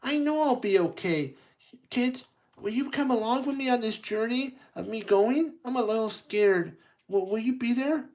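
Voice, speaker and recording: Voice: normal speed, a little mellow, close to an everyday voice. A storyteller voicing Thomas, a worried but friendly young male tank engine, in a read-aloud children's storybook. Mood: nervous. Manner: eager, anxious, high-pitched.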